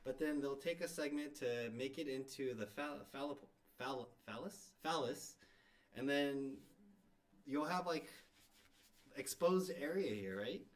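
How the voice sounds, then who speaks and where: A man's voice: medium pitch, measured pace. A man chatting casually with his wife, rambling and playful, often laughing at his own jokes. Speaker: host's husband, co-host. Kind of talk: casual chat.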